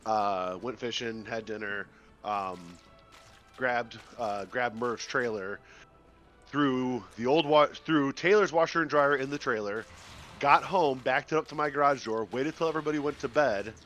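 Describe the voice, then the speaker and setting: A man with an everyday mid-range voice tells a rambling personal story on a live stream. He talks in a relaxed, casual way. He laughs as he goes and acts out other people's lines. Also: mid-range voice, measured pace, faint music behind. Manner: laid-back storyteller, laughs and acts out quotes. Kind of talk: casual chat, telling a story.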